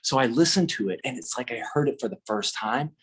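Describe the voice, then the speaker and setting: A middle-aged man with a slightly husky, breathy voice, telling a story in a loose, rambling way. He stops and restarts his sentences often and fills the gaps with ums and likes. His pitch sits in an ordinary middle range for a man. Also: expressive. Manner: rambling, halting, self-deprecating, with many fillers and restarts. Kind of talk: casual storytelling.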